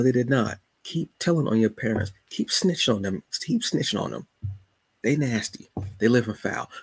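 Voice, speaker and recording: A man with a fairly low, husky voice talks loosely and jokingly as a podcast host, like he is chatting with friends. The sound is dry and close, with no room around it. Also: no room sound. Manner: laid-back, joking, colloquial. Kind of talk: casual solo chat.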